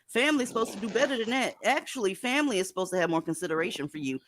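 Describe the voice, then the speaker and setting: Scolding woman livestream host, lively pitch. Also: fast talker, few pauses. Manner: scolding, sarcastic, emphatic. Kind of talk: blunt profane commentary.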